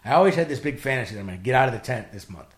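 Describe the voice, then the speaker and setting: A man casually telling his life story, animated and profane, acting out the voices of people he met. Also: mid-range voice, very fast.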